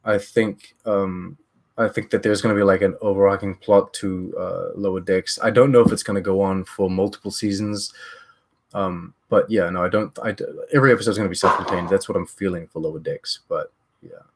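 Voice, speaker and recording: Rambling low-voiced man on a live stream. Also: steady tone, brisk. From New Zealand. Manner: rambling, loose and opinionated, with many fillers and restarts. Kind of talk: casual live stream chat.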